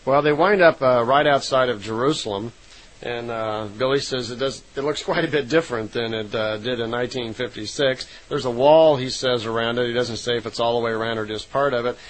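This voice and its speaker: Man, storyteller, casual retelling, fillers and restarts, mid pitch. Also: brisk, low-quality recording. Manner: unscripted, many fillers and self-corrections.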